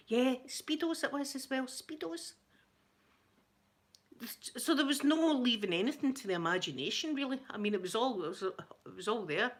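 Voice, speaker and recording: A woman's voice: a little high, animated, moderate pace. Scottish woman, middle-aged, live-stream host. Chatty, gossipy, giggly storyteller, close to the mic. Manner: chatty storyteller, laughs often, greets chat viewers. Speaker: ASMR livestream host. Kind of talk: casual chat to live viewers.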